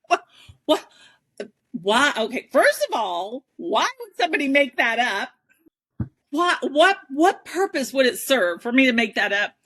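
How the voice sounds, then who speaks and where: A woman on an interview show telling a personal story in a lively, self-deprecating way, often acting out the people she quotes. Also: high-pitched, a little slow. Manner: animated, self-deprecating, acts out quoted dialogue. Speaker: interview guest, advocate and educator.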